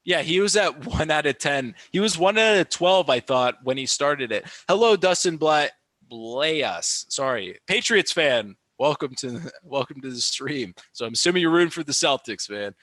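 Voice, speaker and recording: A man's voice: on the high side, dry recording. A young man doing casual live-stream basketball commentary, reacting and ranting about calls with lots of restarts and fillers. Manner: animated, quick to rant, lots of fillers and restarts. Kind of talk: excited play-by-play and reaction commentary.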